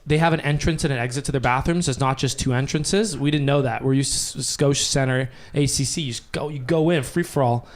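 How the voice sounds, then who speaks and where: A young man telling rambling, animated stories on a casual podcast mic. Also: mid-range voice, fairly quick, few pauses. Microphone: podcast microphone.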